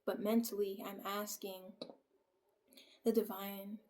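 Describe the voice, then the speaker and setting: A woman vlogger telling a personal story in a casual, soft way, full of "like" fillers and often dropping to a near-whisper. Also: mid-range voice, flat delivery, slow.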